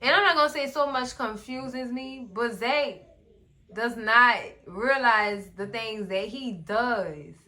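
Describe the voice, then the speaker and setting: A woman in casual recap commentary, animated and sassy, often talking straight to the characters. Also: a little high, slow. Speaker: recap vlogger.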